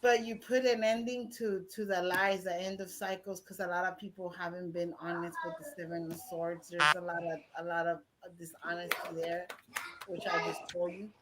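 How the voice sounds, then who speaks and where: A woman with a Mexican accent reads tarot cards on a live stream. She talks bluntly and swears freely, rambling from card to card. The stream carries a clear layer of background noise under her voice. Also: fairly low pitch, little pitch movement, normal speed. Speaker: tarot reader.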